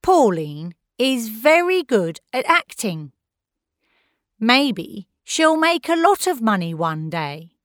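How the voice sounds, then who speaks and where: A woman's voice: a little high, big pitch swings, slow, fairly bright tone, dry recording, clean studio sound, full character voice. A woman voicing a supportive older nanny who speaks approvingly. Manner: approving, encouraging.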